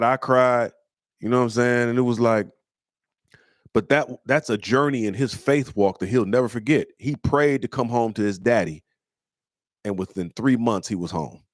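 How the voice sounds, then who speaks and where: A middle-aged man from Michigan hosting a comedy call-in show. He tells stories in casual slang, acts out the people he quotes in a higher voice, and turns blunt and preachy. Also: no echo, clean studio sound. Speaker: comedian host answering listener questions. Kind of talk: casual storytelling chat.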